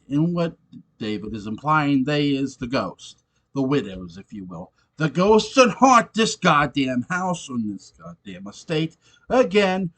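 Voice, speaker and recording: A man casually reviewing a TV episode, animated and swearing often, laughing between points. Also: medium pitch. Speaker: show reviewer.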